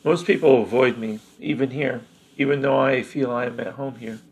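A man's voice: medium pitch, moderate pace, slightly rough. A man reading as a cheerful, lonely little boy.

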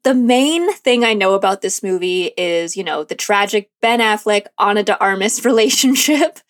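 A woman's voice: medium pitch, expressive, moderate pace. A woman co-hosting a movie podcast in casual, chatty talk, laughing often. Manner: giggly, chatty, frequent laughs. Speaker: podcast co-host.

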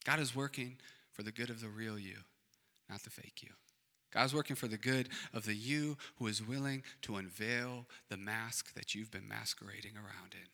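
A male pastor preaching a sermon, swinging between loud emphatic declarations and hushed, quiet passages. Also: on the low side, fairly even intonation, moderate pace, creaky. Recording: long reverb of a large hall.

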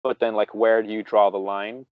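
Low voiced dude chatting loosely, lotsa "like"s, dead dry muffled mic. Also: male voice, level tone, normal speed, no room sound. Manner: filler-heavy, laughs often. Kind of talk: casual chat. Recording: dry, dull lo-fi audio.

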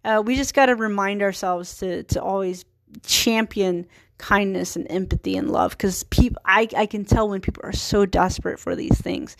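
A woman's voice: medium pitch, fairly even intonation, moderate pace, creaky, no echo. A woman in her thirties hosting a solo podcast, talking in a chatty, earnest way and laughing at herself. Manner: chatty, giggly, self-deprecating, earnest. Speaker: podcast host. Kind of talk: casual solo podcast monologue.

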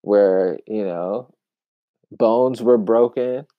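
A man giving casual commentary in an emphatic, wry way, with long pauses, on a dull, dry lo-fi recording. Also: fairly low pitch, no echo. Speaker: commentary vlogger.

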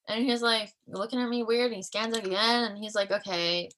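A woman in her twenties, co-hosting a podcast, telling a story in casual chat and acting out the quotes in high voices. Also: a little fast, a bit bright, a little hiss or hum, low-quality recording. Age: 20s. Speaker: podcast co-host.

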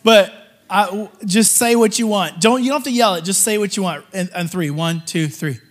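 High-voiced excitable man telling testimony. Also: normal speed, slight background noise. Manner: animated, joking, excitable. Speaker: guest preacher. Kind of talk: storytelling testimony sermon.

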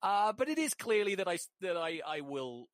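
A male podcast host rants solo, telling stories in a profane, animated way, swearing constantly as his high-pitched voice leaps up and down. He speaks at normal speed on a dry, close mic.

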